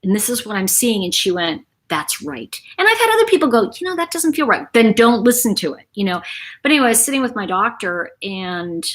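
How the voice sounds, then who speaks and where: A woman's voice: medium pitch, big pitch swings, brisk. A middle-aged woman hosting a casual live chat, talking in a rambling, chatty way to her viewers. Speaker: livestream host.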